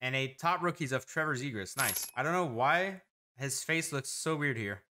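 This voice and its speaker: Excitable man with a bright voice. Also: medium pitch, a little hiss or hum. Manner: excitable, reads player names in quick lists, frequent exclamations. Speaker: host opening hockey card packs. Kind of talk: casual card-opening commentary.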